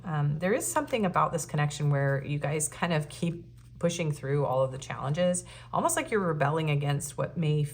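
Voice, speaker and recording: A woman with a low, unhurried voice gives a casual pick-a-card tarot reading. She muses aloud and reads out card messages, filling pauses with ums. A faint hiss sits behind her. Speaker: tarot reader.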